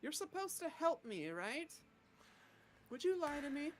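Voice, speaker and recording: Player doing a brash adventurer woman, impatient, pushy, lively swooping pitch, faint hum behind. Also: a little slow. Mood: suspicious.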